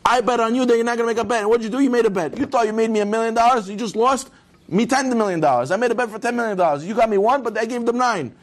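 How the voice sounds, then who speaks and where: A man's voice: very high voice, racing, a little hiss or hum, pitched above the performer's own voice. A man voicing a distraught king who scolds in a raised, agitated voice. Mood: exasperated. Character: distraught male king, exasperated.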